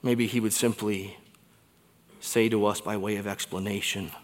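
A man preaching a sermon in a church, conversational and animated, swinging between quiet and loud. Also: lowish voice, moderate pace, long reverb tail. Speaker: pastor.

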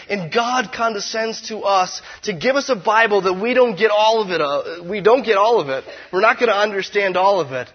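A man with a husky, slightly high voice preaches a sermon. He talks to the congregation conversationally, with playful asides, and swings between loud emphasis and quiet, hushed passages. The recording sounds dull and lo-fi. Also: normal speed. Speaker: pastor.

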